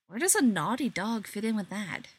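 A woman reading as a soft-spoken, firm young woman. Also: medium pitch, sing-song, moderate pace, breathy edge, dry recording. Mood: gently firm. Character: young woman, gentle but firm, ending a relationship.

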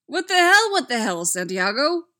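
A woman's voice: fairly high pitch, sing-song, moderate pace, fairly bright tone, no room sound, studio quality. A woman reading fan fiction aloud, voicing a goofy, childish young man detective with whiny, defensive banter.

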